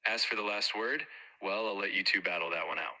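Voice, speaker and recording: A man's voice: lowish voice, a little fast, sharp tone, low-quality recording. A synthetic male assistant voice acting as co-host, upbeat, eager and agreeable in its replies. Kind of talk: scripted-sounding assistant replies.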